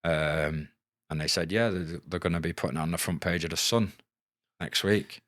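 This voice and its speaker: A man's voice: deep voice, moderate pace, a bit bright, no room sound, clean studio sound. A man in his thirties telling his story candidly as a podcast guest, frank and casual and cursing freely. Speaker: podcast guest, former footballer.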